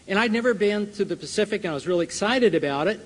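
Older high-voiced man in a reverberant hall. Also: fast. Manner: lively storyteller who chuckles and acts out the scene. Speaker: Bible college teacher and speaker. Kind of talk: personal story told to a church audience. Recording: long reverb of a large hall.

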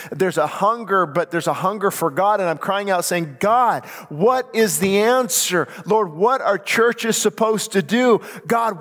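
Middle-aged male pastor, high voice, earnest sermon with restarts, long hall reverb. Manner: earnest, repetitive restarts, crying-out prayers.

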